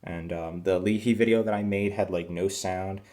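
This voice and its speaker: Mumbling young man ranting, mellow low voice. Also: steady tone, normal speed. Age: 20s. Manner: crude, rambling, full of fillers and restarts; keeps voice down early in the morning. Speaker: vlogger. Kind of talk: rambling rant to camera. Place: at home indoors.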